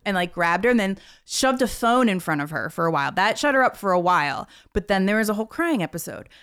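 A woman's voice: medium pitch, fast talker, smooth, no echo, studio quality. Woman in her 30s ranting a story, acts out the quotes, chatty. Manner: animated storytelling, acting out quotes. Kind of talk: casual chat.

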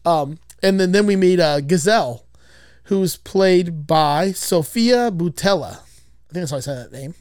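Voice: medium pitch, expressive, a little slow, a little mellow, no room sound, studio quality. A podcast host casually retelling a movie's plot, rambling with frequent swearing.

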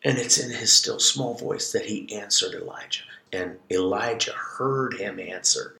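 A man's voice: on the low side, unhurried, vocal fry, hardly any pauses. Man teaching scripture in an echoey room. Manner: animated, dramatizes scripture with shifting voice. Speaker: podcast co-host and minister. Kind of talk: conversational Bible teaching.

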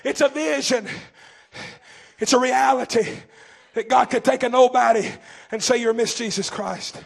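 A fervent preacher, a man from East Tennessee whose voice sits unusually high for a man. His tone has a gravelly edge. He shouts passages, then drops to a low, intense register. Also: steady tone, a little slow. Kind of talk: sermon.

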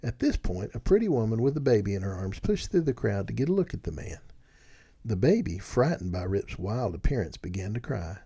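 A man narrating a storybook in an expressive, animated reading. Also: on the low side, brisk, vocal fry, breathy edge.

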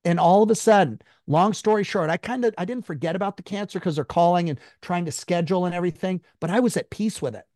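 A man, a guest in an interview, telling a personal story in an emphatic, high-strung way and swearing freely. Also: fast talker, few pauses, a little mellow, dry recording, studio quality.

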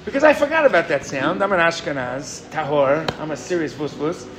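At a rooftop gathering, a New York man preaching as a rabbi tells animated stories and keeps asking his listeners "right?" His voice is on the high side and brisk, with a bit of hiss or hum.

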